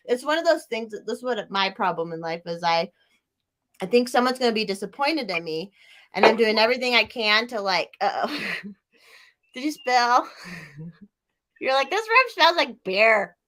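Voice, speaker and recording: A woman chatting on a casual podcast, a little tipsy and rambling freely. Her voice sits a bit high and sounds bright and forceful, broken up by frequent laughs and a steady stream of "like.". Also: moderate pace, pauses often. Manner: rambling, laughs often, lots of "like". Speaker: podcast co-host. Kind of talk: casual chat.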